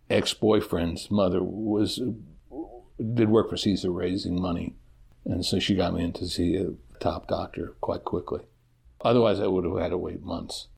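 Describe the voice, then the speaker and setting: Gravelly husky man, halting speech. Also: deep voice, darkish tone. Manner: halting, repeats words, self-deprecating laughs. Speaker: interview guest, teacher living with Parkinson's. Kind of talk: conversational interview.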